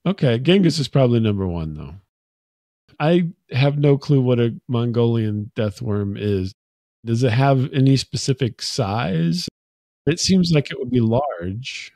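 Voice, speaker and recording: A man's voice: medium pitch, expressive, a little slow, warm tone, no room sound, studio quality. A man co-hosting a podcast in casual chat, playful and joking. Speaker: podcast co-host.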